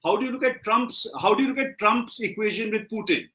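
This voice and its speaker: A man hosts a panel discussion with a high, bright voice. He puts polite questions to his guests. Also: fairly quick, roomy sound. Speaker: host.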